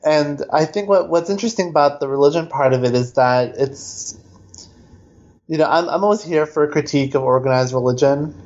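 A man's voice: on the high side, brisk, a little mellow, muffled recording. A man co-hosting a casual film podcast, talking thoughtfully with frequent restarts. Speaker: podcast co-host.

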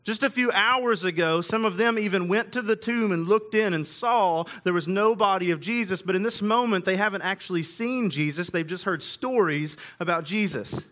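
A man's voice: high-pitched, moderate pace, few pauses, fairly bright tone. A man preaching a sermon in a casual, conversational way, with everyday slang. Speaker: pastor.

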